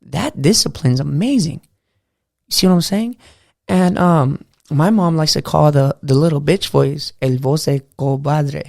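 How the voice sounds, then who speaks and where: A man's voice: a little high, a little slow, vocal fry, darkish tone, dry recording, clean studio sound. A man hosting a casual motivational podcast, just out of bed, rambling loosely and saying "you know" and "bro" a lot. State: just out of bed, early morning voice. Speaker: podcast host.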